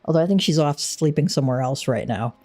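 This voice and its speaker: A woman streaming a game, chatting in a relaxed, easygoing way and laughing easily. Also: sits low, fast, soft background music. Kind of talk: casual gameplay chat.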